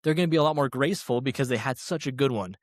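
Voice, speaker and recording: Animated man telling stories, dry close mic. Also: mid-range voice, very fast, no echo. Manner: animated, acts out quoted dialogue, many fillers like "like" and "right?". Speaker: guest, former restaurant training director. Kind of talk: casual conversational storytelling.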